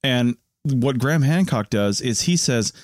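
A man's voice: mid-range voice, lively intonation, measured pace, no room sound, clean studio sound. A man co-hosting a podcast, chatting casually and skeptically, rambling and restarting his sentences. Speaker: podcast co-host. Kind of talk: casual chat.

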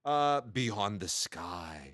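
A man's voice: on the low side, big pitch swings, extremely slow, a bit bright, dry recording. A man co-hosting a podcast, casually reviewing films with wry, dry asides. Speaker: podcast co-host, film reviewer.

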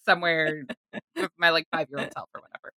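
A woman co-host in easygoing podcast chat, with a bright, slightly low voice. She is animated and drifts into tangents. The sound is dry and close. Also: fast talker, no room sound. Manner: chatty, animated, trails into tangents.

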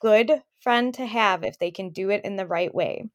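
A woman's voice: mid-range voice, moderate pace. A woman co-hosting a podcast, telling a personal story in an open, emotional way. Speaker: podcast co-host. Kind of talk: casual chat.

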